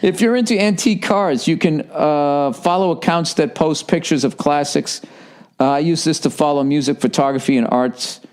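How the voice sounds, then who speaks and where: A man in his fifties with a Boston accent, hosting a podcast in casual, profane and animated chat. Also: a little high, normal speed. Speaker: podcast host.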